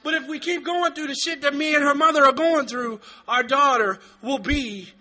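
A man speaking at a recovery meeting, giving a blunt, profane, fervent testimony that bursts into shouting. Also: very high voice, normal speed. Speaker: recovering addict sharing at a meeting.

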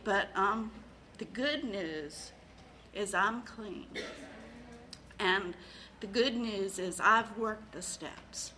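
Middle-aged woman, slow, bright voice, emotional recovery share with many fillers. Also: medium pitch, slight background noise, low-quality recording. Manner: halting, full of fillers and repeated phrases; emotional, tearful at times. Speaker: recovery meeting speaker. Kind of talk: personal share at a recovery meeting.

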